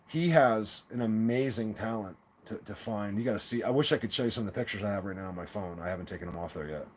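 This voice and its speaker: A man's voice: on the low side, slight background noise. A man hosting a live stream, chatting casually with viewers in a rambling, stop-start way, repeating words and laughing at his own stories. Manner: rambling, with many restarts and stammered repeats.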